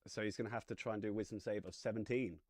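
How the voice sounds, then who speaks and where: A man with a lowish voice plays a tabletop game. He narrates his character's moves in third person, step by step, with a playful manner. The sound is dry and close. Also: steady tone, racing, darkish tone, no echo. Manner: playful, announces actions step by step. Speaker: player.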